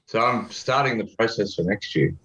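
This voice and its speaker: A man's voice: fairly low pitch, normal speed, fairly bright tone, roomy sound, poor audio. A man with an Australian accent, a guest in a casual interview, talking in a joking, laid-back way and swearing casually. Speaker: guest, ad consultant.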